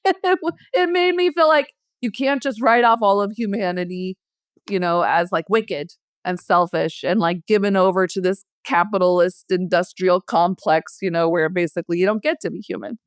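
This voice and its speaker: A woman's voice: mid-range voice, moderate pace, no echo, clean studio sound. Earnest, musing woman. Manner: earnest, musing, full of "like" and "you know". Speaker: podcast co-host. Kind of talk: reflective conversation.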